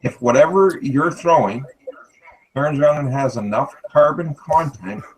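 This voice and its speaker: A man's voice: a little high, unhurried, poor audio. A man in casual live chat who explains things patiently and keeps repeating a stock phrase.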